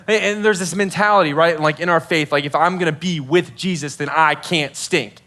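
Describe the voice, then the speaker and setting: A man's voice: fairly high pitch, steady tone, brisk, few pauses, a bit bright. A man preaching a sermon to students in a casual, conversational way, full of fillers and acted-out quotes. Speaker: youth pastor.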